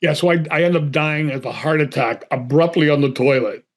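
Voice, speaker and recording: A middle-aged man from Boston, an actor telling a story in an interview, acting out both sides of phone calls and stammering when excited. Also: fairly high pitch, brisk. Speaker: actor guest.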